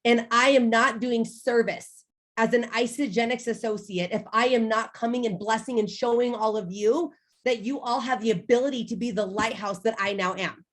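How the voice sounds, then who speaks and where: A woman's voice: on the high side, steady tone, normal speed. A woman in her thirties from the United States, giving a motivational talk to a sales team and speaking to the audience directly. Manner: emphatic, personal storytelling, addresses the audience directly.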